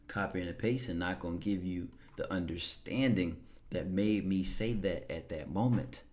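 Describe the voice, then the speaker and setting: A man's voice: low voice, moderate pace, darkish tone. A man hosting a live stream, talking casually and rambling, often checking in with his audience. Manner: laid-back, rambling, keeps checking in with "right?". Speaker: livestream host.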